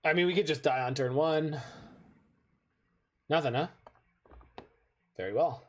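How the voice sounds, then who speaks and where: A man's voice: fairly high pitch, a little slow. A man giving chatty, rambling gameplay commentary while playing an online card game, with jokey asides.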